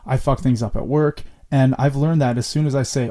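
A man's voice: medium pitch, a little fast, dark tone. Candid, swearing male podcast host. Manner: candid, profane storytelling. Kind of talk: casual chat.

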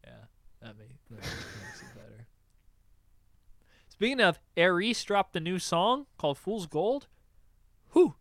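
A man's voice: high voice, huge pitch swings, slow, pauses often, dry recording. A young man co-hosting a casual podcast chat, joking and telling stories with quoted voices. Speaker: podcast co-host.

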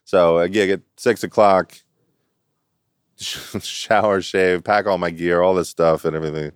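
A middle-aged man telling stories as an interview guest in casual chat, animated and laughing often. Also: low voice, unhurried, clear, resonant tone, no room sound, clean studio sound. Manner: animated storyteller who acts out quotes and laughs often.

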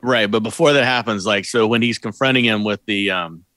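Low, bright-voiced man gushing about a film. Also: brisk, no room sound. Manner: enthusiastic, gushing about scenes. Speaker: podcast co-host. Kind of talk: casual film discussion.

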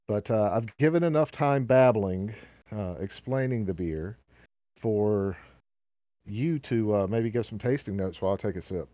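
A man's voice: on the low side, a little slow, mellow, dry recording, studio quality. A man with a Southern US accent co-hosting a casual podcast, rambling with lots of fillers and restarts. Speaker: podcast co-host.

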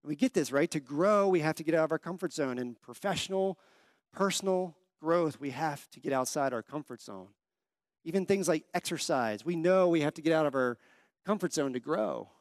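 A young male pastor gives a conversational sermon in a fairly high, bright voice. He tells stories and asks his listeners questions. The sound is dry and close, with hardly any room echo. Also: animated, moderate pace.

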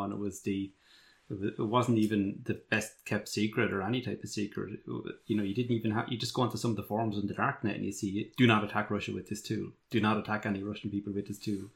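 A man's voice: fairly low pitch, a bit bright. A man chatting on a casual podcast in an easygoing, conversational way. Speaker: podcast co-host.

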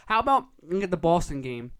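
Profane young man ranting about hockey. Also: on the high side. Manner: profane, excitable, quick to overreact. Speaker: podcast co-host. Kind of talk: casual sports chat.

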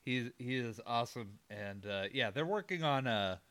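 A man's voice: mid-range voice, animated, moderate pace, a bit bright. A man casually recapping a movie with a friend, meandering with fillers and mock-quoting characters. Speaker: podcast co-host.

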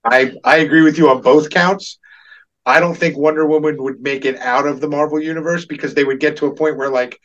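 A man in casual pop-culture chat, opinionated and animated, laughing often as he makes his points. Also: a little high, fairly quick, distant mic, dull audio.

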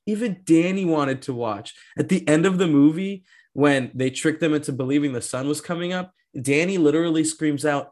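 A man co-hosting a casual movie discussion podcast, animated and laughing often as he acts out scenes. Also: a little high, moderate pace, few pauses. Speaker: podcast co-host.

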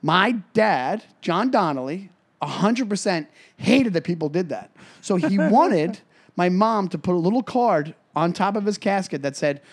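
High-voiced man telling rambling stories. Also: lively intonation, unhurried. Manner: rambling, self-interrupting storytelling. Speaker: podcast co-host. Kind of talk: casual comedy podcast chat.

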